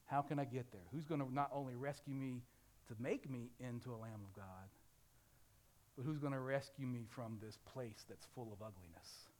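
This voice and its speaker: A man from the Ozarks preaching a sermon as pastor, swinging between loud emphasis and hushed lines, asking his listeners rhetorical questions. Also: mid-range voice. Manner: asks rhetorical questions, acts out a crying baby.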